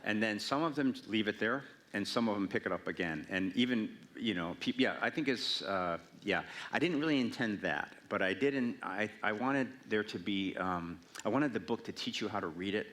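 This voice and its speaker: Wry man with a low voice. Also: animated, normal speed, hardly any pauses, a bit bright. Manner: wry, self-mocking humor. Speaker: author answering audience questions. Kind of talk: casual Q&A talk. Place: public library event hall.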